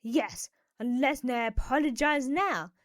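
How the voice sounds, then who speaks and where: A woman voicing a stern masked kidnapper man in an animated story, giving firm, threatening ultimatums. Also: sits high, measured pace.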